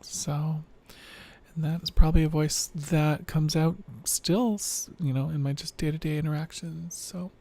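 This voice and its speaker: A woman with a low, androgynous voice that still reads as mostly male, rambling reflectively and wryly in a late-night video diary, sounding tired. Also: steady tone, unhurried, warm tone. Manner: rambling, reflective, wry and self-deprecating.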